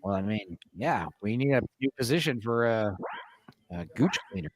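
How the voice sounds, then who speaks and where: A man's voice: fairly low pitch, expressive, normal speed. A man hosting a podcast, chatting casually and joking while playing a party game. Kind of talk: casual chat.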